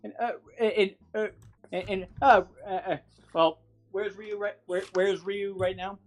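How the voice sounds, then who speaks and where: A man playing a tabletop game, speaking haltingly with many restarts. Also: high-pitched, fairly even intonation. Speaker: player.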